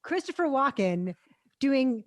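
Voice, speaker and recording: Woman, film critic, casual review chat, sarcastic, animated, dry recording. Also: sits high, takes it slowly, dry recording. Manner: sarcastic, animated, laughs often. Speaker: film critic podcast co-host.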